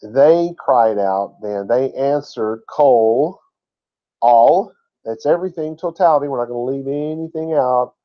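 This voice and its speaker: A man's voice: mid-range voice, unhurried, lo-fi sound. A man teaching a word-by-word scripture lesson in a folksy, chatty way, with asides. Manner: folksy and chatty, laughs at his own asides. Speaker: Bible teacher.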